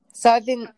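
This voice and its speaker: A young adult woman co-hosting a podcast in casual chat, chatty and quick to laugh. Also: warm tone, dry recording, clean studio sound. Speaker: podcast co-host.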